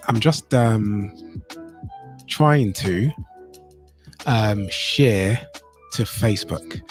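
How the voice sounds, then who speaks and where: A man's voice: medium pitch, a little mellow. A man hosting a casual livestream from his home, upbeat and chatty, greeting his viewers over and over, recorded on a phone. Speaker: livestream host.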